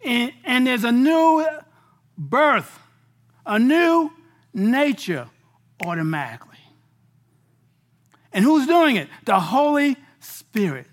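A man preaching a sermon in a casual, slangy way, moving between loud bursts and hushed lines. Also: extremely high pitch, very animated, slow pace, long pauses.

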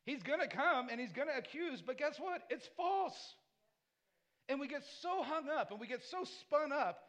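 A man preaches a sermon in a strikingly high voice for a man. He hammers his points through repetition and rhetorical questions. Between them he drops into loose, conversational asides. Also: big pitch swings, moderate pace, fairly bright tone. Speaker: pastor.

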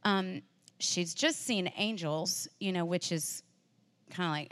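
A woman's voice: lowish voice, takes it slowly, a bit bright. A woman preaching a sermon in an earnest, conversational way, acting out the feelings of the people in the story. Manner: earnest, acts out the disciples' and Mary's feelings in quoted voices; conversational, with fillers and restarts.

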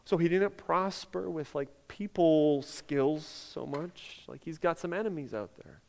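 A man's voice: a little high, unhurried, creaky, a little mellow. A man preaching a sermon as pastor, talking conversationally with lots of "like" and building to emphatic peaks. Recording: long hall reverb.

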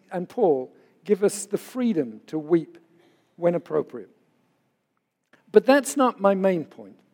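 An older man, a pastor, preaching in an earnest, conversational way and telling personal stories. His voice sits high for a man. Long reverb trails behind him as it carries through a hall. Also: darkish tone. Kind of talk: sermon.

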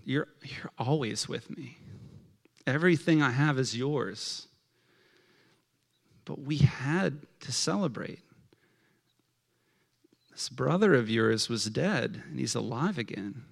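Man doing gentle forgiving father, hushed, tender, slightly lower. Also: lively intonation, takes it slowly, gravelly, long pauses, heavily acted.

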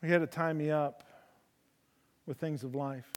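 A man preaching a sermon in folksy storytelling style with humor, swinging from loud emphasis to soft, low delivery. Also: fairly even intonation, a little slow. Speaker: preacher in a horse ministry. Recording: long hall reverb.

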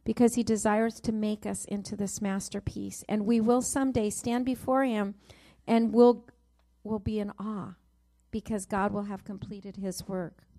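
A woman's voice: medium pitch, steady tone, measured pace. A middle-aged woman preaching a sermon, reading scripture and telling a family story, stressing each verse number. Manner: warm storytelling with Bible reading, rising emphasis on verse numbers.

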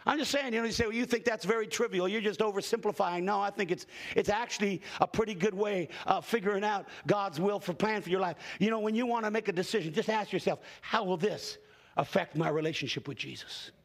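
A man in his fifties preaching a fervent sermon, often breaking into shouts and hallelujahs. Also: high-pitched, a little fast. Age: 50s. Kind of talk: Pentecostal sermon.

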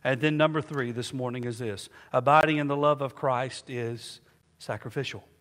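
A man's voice: medium pitch, fairly even intonation, moderate pace, a bit bright. A middle-aged male pastor preaching a sermon in a church, emphatic and rhetorical, asking the congregation questions and answering them. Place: church sanctuary. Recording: long church reverb.

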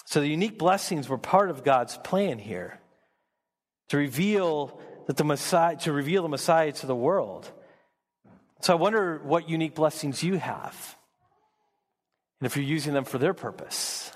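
Man, pastor, sermon, slightly high voice, earnest, repeats himself for emphasis, long hall reverb. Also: animated, normal speed. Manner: earnest, repeats words when building emphasis.

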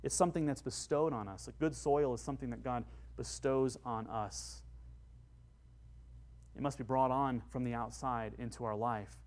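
A man's voice: mid-range voice, fairly even intonation, moderate pace, darkish tone. A man preaching a sermon with passion, rising to emphatic peaks. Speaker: pastor.

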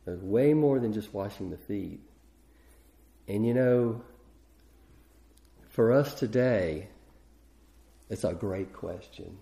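A man's voice: fairly low pitch, slow pace, creaky, long pauses, warm tone. A middle-aged man preaching a sermon in a conversational way, often restarting his sentences. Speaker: pastor.

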